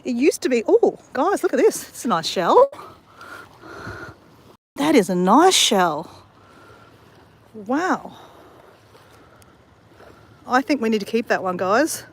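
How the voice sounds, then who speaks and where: A woman's voice: fairly high pitch, sing-song, slow pace, pauses often, slightly rough. An Australian woman chatting casually to viewers while walking on a beach, rambling and answering viewer comments. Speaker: vlogger. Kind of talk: casual walking live stream chat. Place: beach, outdoors.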